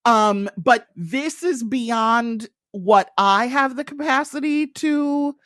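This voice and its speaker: A woman's voice: a little high, slow, fairly bright tone, dry recording. A woman guest on a podcast, chatting casually with dry comic asides and frequent laughter. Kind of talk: casual chat.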